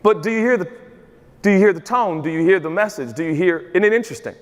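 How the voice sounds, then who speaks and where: A male pastor preaching a sermon to a congregation, lively and quick to act out voices for comedic emphasis. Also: high voice. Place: large church auditorium with a congregation. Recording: long reverb of a large church hall.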